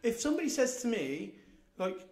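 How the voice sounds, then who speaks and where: A man hosting a podcast, telling blunt, animated stories in casual chat and swearing freely. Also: very high voice, moderate pace, roomy sound, a loud crowd.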